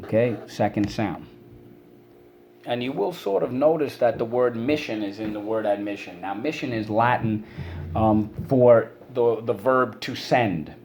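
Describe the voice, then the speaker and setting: A man's voice: on the low side, unhurried, a little mellow, a little hiss or hum. Man teaching a spelling lesson. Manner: drills words by syllable with call-and-repeat prompts.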